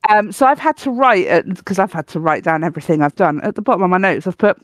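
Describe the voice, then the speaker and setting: A podcast co-host, telling a story in an animated, chatty way. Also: medium pitch, fast talker, hardly any pauses, no room sound. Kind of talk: casual chat, storytelling.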